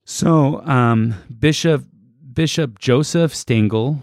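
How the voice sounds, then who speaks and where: A man co-hosting a casual podcast chat, relaxed and halting as he reads from his notes. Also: mid-range voice, vocal fry, no echo, studio quality. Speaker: podcast co-host.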